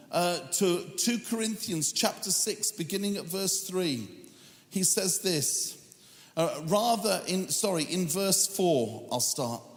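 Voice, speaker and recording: A male preacher reading scripture in a slow, measured way, breaking in with humorous asides. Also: high-pitched. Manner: reads scripture in a measured, drawn-out cadence. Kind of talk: sermon. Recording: echoey hall with long reverb.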